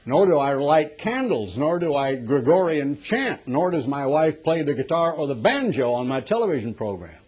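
A middle-aged man from the United States preaching a television sermon, husky, swinging from hushed to loud and pressing rhetorical questions. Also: a little high, big pitch swings, normal speed, few pauses.

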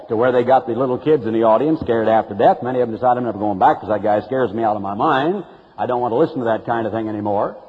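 Husky, animated male preacher. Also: big-room sound, muffled recording. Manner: emphatic, sarcastic preaching with sharp pitch swings. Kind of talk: broadcast sermon.

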